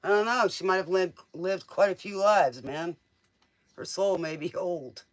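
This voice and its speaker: A tarot reader on a casual live stream jokes, teases and laughs often while answering viewers' questions. He speaks in a high voice at an unhurried pace.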